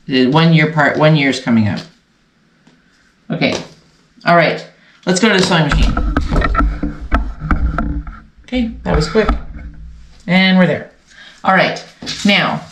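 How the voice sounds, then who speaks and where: A woman hosting a relaxed sewing session, chatting away and talking herself through each step at the machine. Her voice carries a roomy echo from the home sewing room, with a faint hiss behind it. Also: deep voice, normal speed, long pauses. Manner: chatty, thinking aloud while sewing. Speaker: sewing channel host. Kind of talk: casual sew-along chat.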